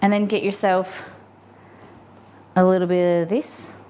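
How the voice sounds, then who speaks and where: A woman's voice: lowish voice, little pitch movement, unhurried, mellow, a little hiss or hum. A young adult woman chatting casually while cooking on a live stream from her home kitchen, playful and rambling with giggly asides.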